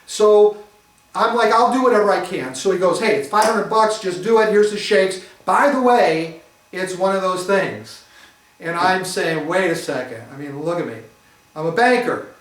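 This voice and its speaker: High-voiced man telling a story in an echoey room. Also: normal speed. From Detroit. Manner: animated, self-mocking storyteller. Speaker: speaker giving a testimony. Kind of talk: storytelling to a live audience. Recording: roomy echo, mic at a distance.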